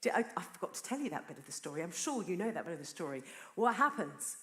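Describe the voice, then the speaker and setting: A woman preaching a sermon, telling a story in an earnest, animated way. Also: on the low side, quick pace. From Britain. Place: church. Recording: roomy church echo.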